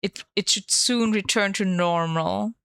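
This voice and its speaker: Slow, bright-voiced woman streamer. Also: medium pitch, gravelly, clean tone, no room sound. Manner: playful, swears freely. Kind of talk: casual live-stream chat.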